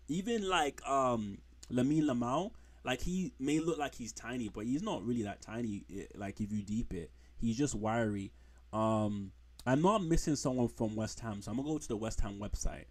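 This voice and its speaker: A man's voice: medium pitch, a little mellow. A man streaming from home, rambling frankly through football players with slang and blunt put-downs. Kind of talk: casual live-stream commentary.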